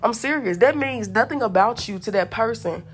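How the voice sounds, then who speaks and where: A woman's voice: on the high side, animated, moderate pace, faint music behind. A woman hosting a podcast, telling personal stories in a blunt, candid, casual way and often addressing listeners directly. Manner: blunt, candid storytelling, repeats "I'm telling y'all". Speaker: podcast host. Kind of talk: casual monologue.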